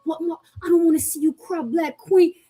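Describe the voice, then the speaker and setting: A woman's voice: extremely high pitch, fairly even intonation, moderate pace, mellow, voice pushed up. A woman quoting a pushy, drunk man who hassles a stranger, in a wheedling tone.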